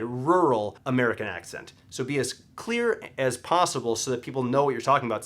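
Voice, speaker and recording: A young man teaching a casual language lesson, explaining word meanings in an animated way and stressing syllables for emphasis. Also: medium pitch.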